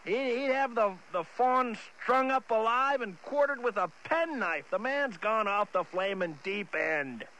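A man's voice: high voice, expressive, measured pace, hardly any pauses, bright, forceful tone, exaggerated voice, poor audio. A man voicing an unhinged, boastful male movie star who rambles, stammers and keeps restarting his sentences. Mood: rambling boast. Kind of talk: comedy sketch impression.

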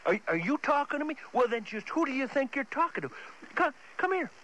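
A man's voice: very high-pitched, very animated, fairly quick, voice pushed up, exaggerated voice, low-quality recording. Man doing a volatile, boastful old-school movie star. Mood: menacing. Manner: rambling, stammering restarts, builds to shouting. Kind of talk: comedy sketch impression.

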